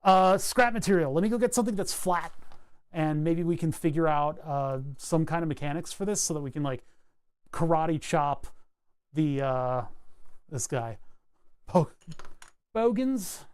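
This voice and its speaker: A man chatting casually to his live-stream viewers while he tinkers with electronics at his workbench, relaxed and self-deprecating, chuckling often. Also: fairly high pitch, moderate pace, smooth. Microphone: wired microphone at his workbench.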